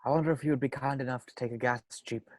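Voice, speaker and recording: A man's voice: mid-range voice, fairly even intonation, racing, darkish tone, no echo, studio quality, close to an everyday voice. A man reading a livid old park owner. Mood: weary. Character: wealthy elderly male park owner, furious. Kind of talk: table read over video call.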